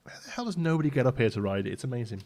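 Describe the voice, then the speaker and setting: A man's voice: medium pitch, animated, rapid-fire, a little mellow. Laughing man chatting on stream. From Britain. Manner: joking, laughs often, banters with chat. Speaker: livestream host. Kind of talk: casual live-stream chat reading viewer messages.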